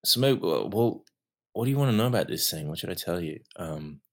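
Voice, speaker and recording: Deep-voiced Australian-raised man chatting. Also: fairly quick. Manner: animated storyteller, laughs often. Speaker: actor, podcast co-host. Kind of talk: casual chat.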